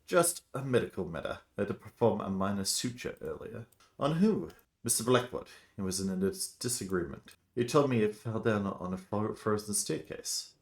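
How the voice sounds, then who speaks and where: A man voicing a composed, evasive male doctor with a put-on Italian accent, speaking well above his own pitch. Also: expressive, moderate pace.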